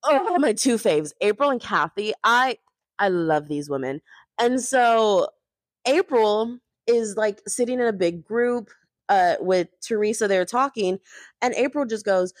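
A woman's voice: medium pitch, animated, a little slow, no room sound, studio quality. A young woman recapping a reality show in a gossipy, chatty way, full of casual fillers. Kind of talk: casual chat.

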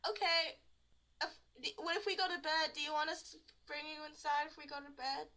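A woman playing a tabletop game, chatting in an animated, expressive way. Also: sits high, brisk. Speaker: player. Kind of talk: casual game chat.

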